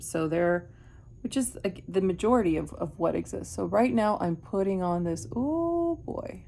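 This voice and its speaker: A woman's voice: on the low side, vocal fry. A middle-aged woman from Miami chatting while doing her makeup, reflective and rambling with many restarts. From Miami, USA. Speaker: beauty vlogger. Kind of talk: chatty get-ready-with-me vlog.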